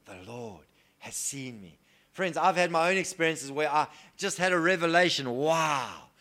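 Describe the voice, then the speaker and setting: A man preaching a sermon earnestly, moving between soft hushed lines and loud emphatic declarations. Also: on the high side, animated, moderate pace.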